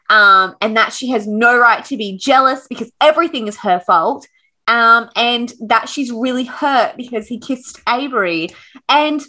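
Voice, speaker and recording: A woman's voice: on the high side, expressive, normal speed, bright, forceful tone. A woman co-hosting a book podcast who recaps the plot in a casual, dramatic way and swears freely. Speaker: podcast co-host.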